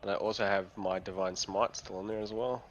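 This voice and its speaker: A man's voice: on the low side, steady tone, fairly quick, highs cut off, a little hiss or hum. A man playing a tabletop game, thinking aloud and fumbling over his rules. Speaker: player. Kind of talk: casual tabletop game play.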